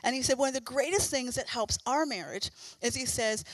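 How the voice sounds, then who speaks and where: A woman's voice: sits high, brisk, no room sound, low-quality recording. A middle-aged woman preaching a sermon in an earnest, encouraging and fervent way.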